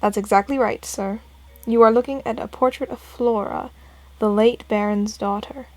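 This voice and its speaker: A woman's voice: a little high, fairly even intonation, moderate pace, a little mellow, dry recording, natural voice. A woman voicing a formal, courteous older male butler in a video game. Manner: courteous, stiff.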